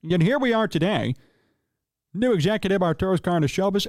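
A man's voice: high voice, lively intonation, brisk, a little mellow, dry recording, clean studio sound. A man hosting a solo sports talk show, ranting in an opinionated, exasperated way and asking rhetorical questions. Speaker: sports radio host.

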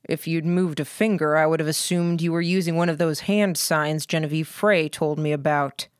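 A woman's voice: low-pitched, steady tone, normal speed, no echo, clean studio sound, natural voice. A woman reading the part of a stern, calculating male military commander in an audiobook, giving clipped orders. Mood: commanding. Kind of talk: audiobook character voice.

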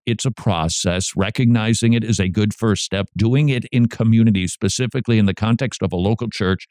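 A male radio show host talking with animated energy, his pitch jumping up and down as he jokes and acts out quick scenes. The studio sound is dry and close. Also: no room sound. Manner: jokey, lively, acts out little scenes with voices. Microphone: studio mic.

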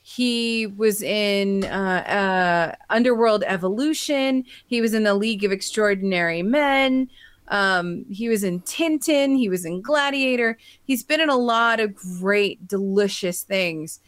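A woman co-hosting a podcast, chatting in a gushing, animated way. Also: mid-range voice, unhurried, smooth, no echo. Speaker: podcast co-host. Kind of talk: casual chat.

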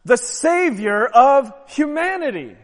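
High-voiced preacher man in a reverberant hall. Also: very animated, slow. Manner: emphatic preaching, swells loud on key phrases. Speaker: pastor. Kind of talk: sermon.

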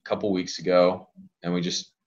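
A man's voice: low voice, little pitch movement, fairly quick, highs cut off. A man in his thirties from Louisiana, a physical therapist guest telling rambling stories in casual podcast chat. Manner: rambling, laid-back storyteller.

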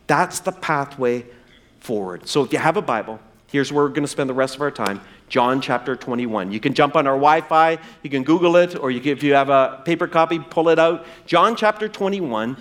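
Man, pastor, sermon, slightly high voice, very expressive pitch, loud-to-hushed delivery. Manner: dramatic swings from loud emphasis to hushed, drawn-out words; acts out quoted dialogue in raised voice. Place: church.

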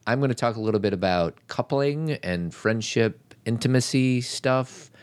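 A man's voice: mid-range voice, moderate pace, smooth, no echo. A middle-aged man co-hosting a podcast in a casual, joking way, often riffing on movie lines. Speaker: podcast co-host. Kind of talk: casual chat.

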